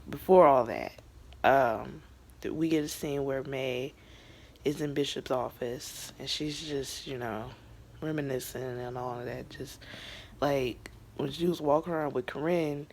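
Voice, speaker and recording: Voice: medium pitch, measured pace, darkish tone, slight background noise. A young adult recapping a TV episode in a casual vlog, talking in a chatty, emotional way with lots of fillers and some whispered asides. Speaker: TV show reviewer.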